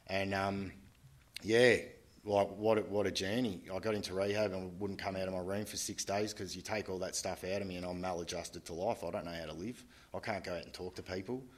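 A man giving a candid, halting personal testimony to a group at a recovery meeting, often restarting his sentences. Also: low-pitched, fairly even intonation. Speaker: speaker sharing at a recovery meeting.

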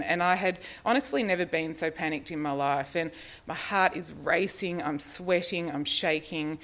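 A woman's voice: low-pitched, moderate pace, fairly bright tone. A middle-aged Australian woman in recovery, telling her own story in a rambling, self-deprecating way with frequent little laughs and fillers. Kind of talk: personal testimony, casual storytelling.

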